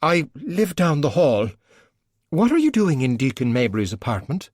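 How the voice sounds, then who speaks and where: A man voicing a middle-aged woman neighbour who sobs and wails in high-pitched grief, reading an audiobook. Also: big pitch swings, moderate pace, darkish tone, no echo, studio quality. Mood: flustered. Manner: sobbing, wailing, high-pitched.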